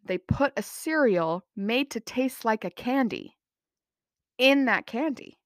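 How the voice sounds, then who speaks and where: A woman's voice: fairly low pitch, a bit bright, dry recording. Bubbly young woman podcast host, dry. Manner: bubbly, gushing, self-laughing. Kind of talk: casual solo podcast chat.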